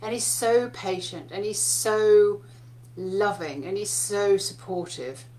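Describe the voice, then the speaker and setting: A woman's voice: medium pitch, slow pace, darkish tone. A woman giving a casual spiritual talk, telling stories in a chatty way and laughing often. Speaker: spiritual teacher.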